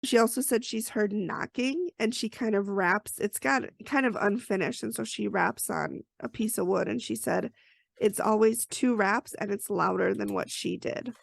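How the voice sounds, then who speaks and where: A woman's voice: medium pitch, normal speed, creaky, no room sound. A woman hosting a podcast, recapping an episode in a chatty, storytelling way with personal asides. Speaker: podcast host.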